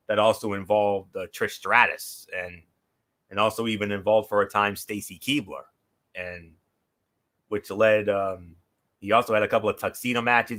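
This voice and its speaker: A man's voice: lowish voice, sharp tone. A man hosting a casual wrestling talk show, rambling through memories with many fillers and restarts. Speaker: podcast host.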